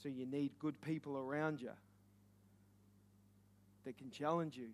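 A young man with a New Zealand accent, preaching with stories, animated and joking, sometimes shouting. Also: medium pitch, unhurried. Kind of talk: sermon with stories.

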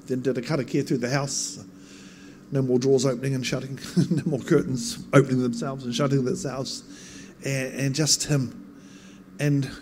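A man's voice: medium pitch, a little mellow, a little hiss or hum. A man preaching a sermon, telling a story earnestly and building to emphatic bursts.

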